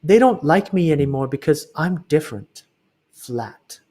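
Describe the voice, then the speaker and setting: A brave little storybook boy calls out in a high, piercing voice, as a male reader acts him out. The pitch leaps far above the reader's own, with a husky edge. He sounds earnest and a bit sensitive. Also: expressive, normal speed. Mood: hurt. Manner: loud, high shouting. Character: flat young boy hero, brave but sensitive.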